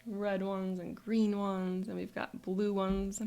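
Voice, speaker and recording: A woman's voice: mid-range voice, little pitch movement, takes it slowly, creaky, warm tone, dull audio. A woman coach narrating a guided visualization as an upbeat present-tense memory.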